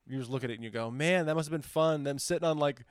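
A man's voice: on the high side, fast talker, dry recording, studio quality. A man co-hosting a podcast in casual chat, rambling and swearing as he riffs. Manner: rambling, swearing, animated riffing. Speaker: podcast co-host.

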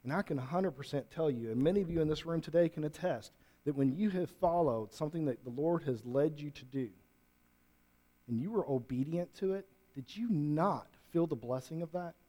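A man preaching a sermon to a congregation, moving from quiet reflection to loud, emphatic peaks. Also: fairly high pitch, a little fast. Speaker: pastor. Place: church room with congregation.

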